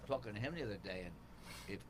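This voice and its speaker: Animated male storyteller, noisy recording. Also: on the low side, very fast. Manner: animated storyteller, acts out quotes loudly. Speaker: comedian telling a story. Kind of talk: casual chat.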